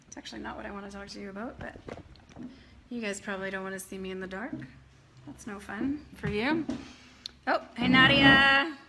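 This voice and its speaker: A woman's voice: medium pitch, a little fast, pauses often, background noise. A woman coaching her business team in a casual live video at night, greeting viewers by name and talking loosely. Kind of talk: casual live-stream chat to followers. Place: dim room at night.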